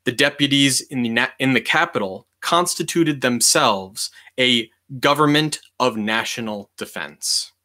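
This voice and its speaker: A man reading a history book aloud in a measured, deliberate way, leaning on key words for emphasis. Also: mid-range voice, bright, forceful tone.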